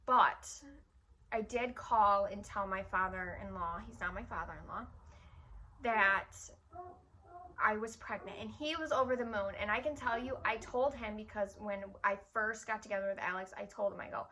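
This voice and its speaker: A woman's voice: mid-range voice, normal speed, bright, forceful tone, slight background noise. A young woman from Michigan telling a personal story in a casual, chatty way, full of "like" fillers. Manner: chatty, frequent "like" fillers, emotional retelling. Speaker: vlogger.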